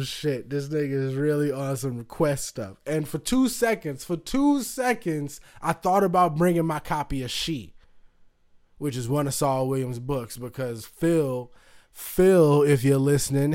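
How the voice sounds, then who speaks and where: A man hosting a podcast, telling a casual story loosely with lots of fillers and swearing, acting out other people's voices. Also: medium pitch. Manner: loose, profane, full of fillers, acts out voices. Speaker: podcast host.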